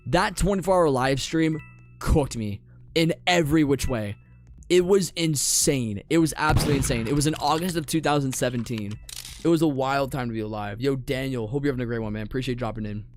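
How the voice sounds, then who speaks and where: A young adult man streaming a game, chatting casually with his viewers and commentating his play, often repeating phrases and dropping into quiet mutters. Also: mid-range voice. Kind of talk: casual live-stream chat with gameplay commentary.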